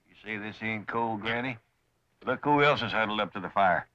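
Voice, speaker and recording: An actor playing a calm, fair-minded hillbilly head of the family with an Ozark drawl. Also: male voice, on the low side, very noisy, natural voice. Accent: Ozark hill country. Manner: slow folksy drawl. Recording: muffled 1960s TV soundtrack.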